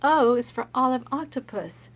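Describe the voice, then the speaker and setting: A woman teaching young children letter sounds, speaking gently and sounding out each letter. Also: high voice, normal speed. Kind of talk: children's phonics lesson.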